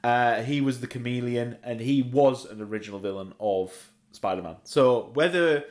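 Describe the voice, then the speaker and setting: A man's voice: medium pitch, moderate pace, darkish tone. Middle aged aussie guy rambling on about comics, casual podcast chat. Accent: Australian. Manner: rambling, eager comic-book fan. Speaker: podcast co-host.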